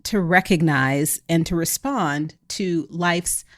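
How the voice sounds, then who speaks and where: A woman in her thirties, co-hosting a podcast, telling a family story in a casual, animated way and acting out the quoted lines. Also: lowish voice, takes it slowly. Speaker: podcast co-host.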